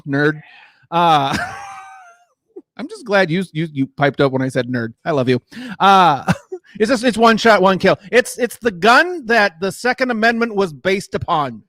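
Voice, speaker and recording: A middle-aged man with a high, slightly bright voice rambles through a crude stand-up set and laughs at his own jokes. He's on a mic in a small garage room, yet the recording is dry and clean, with studio-quality sound.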